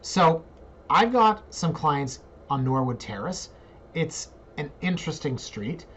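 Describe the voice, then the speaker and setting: A man in his forties, a realtor, talking casually over a screen share, joking, and breaking into squeaky asides. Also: big pitch swings, slow pace, fairly bright tone, husky. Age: 40s.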